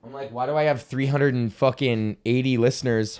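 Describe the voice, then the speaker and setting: A young man hosts his own comedy podcast alone, rambling through a profane, self-deprecating rant. His voice is smooth and clear, at an ordinary pitch for a man. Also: steady tone, fairly quick, few pauses, darkish tone. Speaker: podcast host.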